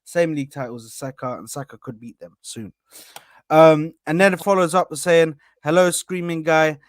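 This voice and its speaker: A man hosting a live football reaction panel, animated and talking over the others with lots of "bro". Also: on the high side, moderate pace, no room sound, clean studio sound. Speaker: host of an Arsenal reaction stream. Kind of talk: casual live panel chat.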